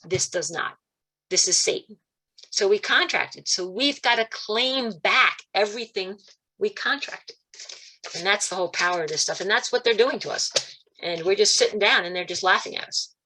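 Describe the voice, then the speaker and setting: Woman guest on a video call, bright and animated storyteller, acts out quotes. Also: moderate pace. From Italian-American, Calabrese roots. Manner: animated storytelling, quotes voices with big pitch jumps. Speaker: guest speaker. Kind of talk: spiritual talk on a video call.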